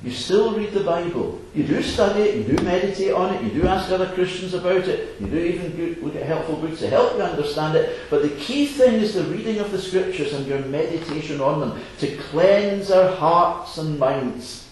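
A man's voice: high voice, animated, normal speed, few pauses, darkish tone. A man preaching a sermon in an assembly hall, earnest with chuckling asides. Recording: echoey hall, faint noise.

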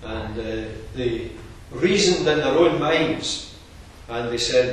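Animated yet measured and earnest, a preacher works through the text point by point in expository style. His voice is at an everyday pitch, and the distant recording in a large hall adds heavy echo and faint background noise.

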